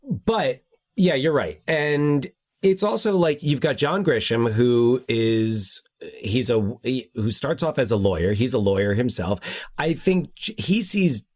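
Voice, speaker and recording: A man's voice: medium pitch, expressive, measured pace, darkish tone. A man hosting a podcast in casual chat, thinking aloud with frequent restarts. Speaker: podcast host.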